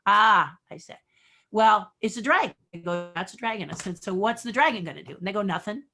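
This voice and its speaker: A middle-aged woman guest on a podcast, telling stories from her career and acting out the dialogue in lively voices. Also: medium pitch, brisk. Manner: animated storyteller acting out dialogue. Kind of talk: storytelling interview.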